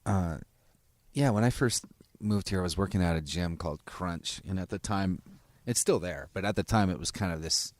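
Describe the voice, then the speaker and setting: A man's voice: sits low, normal speed, no echo. A man hosting a podcast in casual conversation, swearing freely and restarting sentences. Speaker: podcast host.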